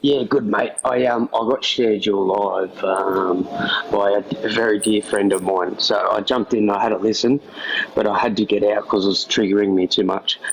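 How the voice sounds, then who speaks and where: A man's voice: on the low side, fairly even intonation, normal speed, dull audio, slight background noise. An Australian man calling into a livestream, hesitant and friendly, with lots of ums. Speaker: caller. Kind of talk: casual chat.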